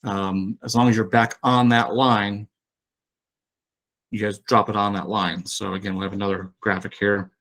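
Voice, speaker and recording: Low-voiced man explaining rules, relaxed. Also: normal speed. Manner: relaxed, many fillers and restarts. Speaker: rules official presenting a webinar. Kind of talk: casual explanatory presentation. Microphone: online webinar mic.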